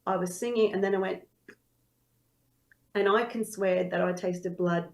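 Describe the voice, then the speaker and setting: A woman's voice: mid-range voice, steady tone, measured pace, a little mellow, poor audio. A woman who is a singer and singing teacher, telling her story in a casual interview and acting out her own past thoughts.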